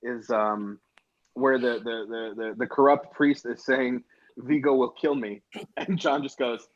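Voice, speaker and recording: A man's voice: mid-range voice, steady tone, unhurried. Man on a dull-sounding podcast mic. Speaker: podcast co-host. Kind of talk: casual movie podcast chat.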